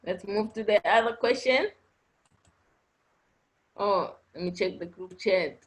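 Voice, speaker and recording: A woman's voice: medium pitch, takes it slowly, rough recording. A woman teaching an online class, patiently repeating points and checking understanding with frequent "okay?" prompts. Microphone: online video class audio.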